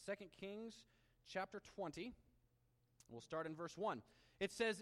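A man preaching a sermon, reading scripture aloud and swinging between animated emphasis and hushed, intimate asides. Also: high voice, measured pace, long pauses, in a large hall. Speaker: pastor.

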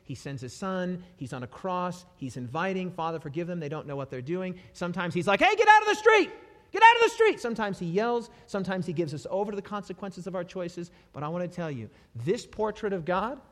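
A man preaching a sermon with passion, moving between soft pleading passages and loud, emphatic ones. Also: a little high. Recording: long hall reverb.

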